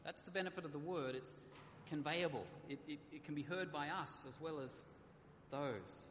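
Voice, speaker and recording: A man's voice: on the high side, moderate pace, a bit bright, a little hiss or hum. A man preaching a sermon, earnestly reading scripture aloud and stressing key words. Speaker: pastor. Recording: echoey hall with faint ambience.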